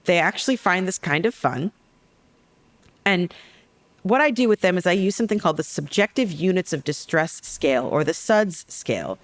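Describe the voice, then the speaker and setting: A woman psychologist talking as a guest on a podcast interview, telling stories in a lively, joking way. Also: on the low side, normal speed. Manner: lively, jokey storytelling.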